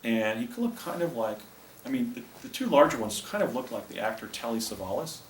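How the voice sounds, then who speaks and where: A man's voice: medium pitch, big pitch swings, a little fast. A man in his fifties giving a public lecture in a hotel meeting room, telling stories in rambling detail. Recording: roomy hall from far off, faint hiss.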